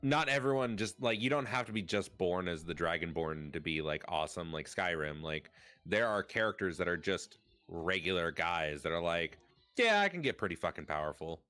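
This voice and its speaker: Deep, smooth-voiced male streamer. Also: moderate pace, no echo, faint music behind. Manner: rambling, filler-heavy, with sudden bursts of excitement. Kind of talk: casual stream chat.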